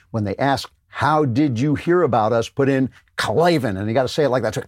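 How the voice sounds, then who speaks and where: A man's voice: mid-range voice, a little mellow, no room sound, studio quality. A man hosting a political commentary show, talking in a sardonic, emphatic way. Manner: sardonic, emphatic, reads ad copy with jokey flair. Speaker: host.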